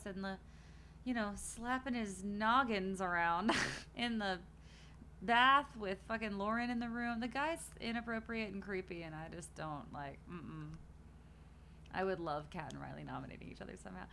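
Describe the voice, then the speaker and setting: A woman's voice: a little high, pushed and bright, a little hiss or hum. A young woman hosting a watch party stream, chatting casually and animatedly, swearing and acting out quotes. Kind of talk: casual chat.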